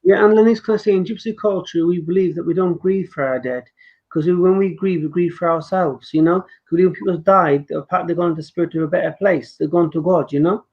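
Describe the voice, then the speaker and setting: A man's voice: high voice, a little fast, husky. Man reading tarot, slightly muffled sound. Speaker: co-host and tarot reader. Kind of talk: live streamed tarot reading.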